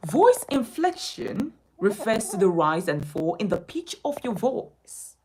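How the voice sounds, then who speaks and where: A woman teaching a speech lesson, emphatic, her pitch rising and falling widely. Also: sing-song, takes it slowly, noisy background. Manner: emphatic, sweeping rises and falls in pitch. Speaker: speech coach. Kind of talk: spoken lesson to camera.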